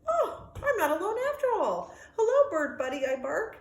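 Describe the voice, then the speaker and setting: A woman voicing a friendly young male dog, anxious but kind, in a lively storybook reading with sound effects. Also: extremely high pitch, normal speed, gravelly, echoey room, pitched above the performer's own voice, full character voice. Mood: eager.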